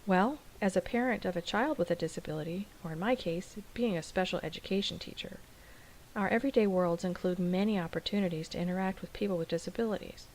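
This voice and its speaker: A woman special education teacher explaining things in a calm, measured, scripted dialogue. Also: lowish voice, a little hiss or hum, poor audio.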